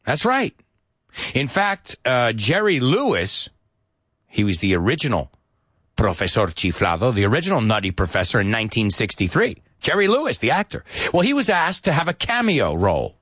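A man's voice: normal speed, husky, no echo, clean studio sound. A man teaching English to Spanish speakers, repeating key words and checking in with "right?" after each point. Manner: animated, swings pitch high for quotes and emphasis.

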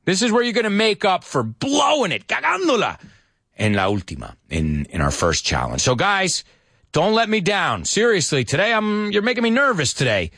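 Male radio teacher, rapid, playful, swooping intonation, dry close mic. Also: high-pitched, no echo. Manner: lively, teasing, switches between English and Spanish; talks fast. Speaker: English teacher and radio show host. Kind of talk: bilingual English lesson, casual.

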